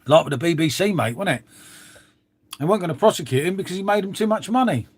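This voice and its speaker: A man's voice: high voice, expressive, fast, slight background noise. Rambling, swearing man. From England. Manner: swears freely, trails off, chatty asides to viewers. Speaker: live stream host. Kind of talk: rambling casual chat to viewers.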